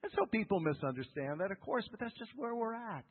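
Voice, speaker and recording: A man preaching a sermon as a pastor, animated, often asking his listeners questions. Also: sits high, fairly quick, breathy edge. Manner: animated, asks the congregation questions. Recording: phone-like sound with long hall reverb.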